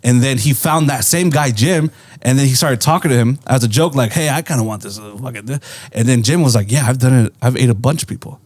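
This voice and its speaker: A man at middle pitch tells a story across a podcast table in loose, rambling chat. He swears freely and keeps checking in with his listeners as he goes. The sound is close and dry, with no room around it. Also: a little fast, hardly any pauses, darkish tone, dry recording. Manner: rambling, swears often, tags lines with "right?". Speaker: podcast co-host. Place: indoor podcast studio.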